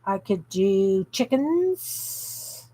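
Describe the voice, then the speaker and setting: A woman's voice: mid-range voice, very animated, very slow, warm tone, rough recording. A woman hosting a craft livestream from her home craft room, chatting casually and reading out viewer comments as she works. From Canada. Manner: chatty, reads out viewer comments while working.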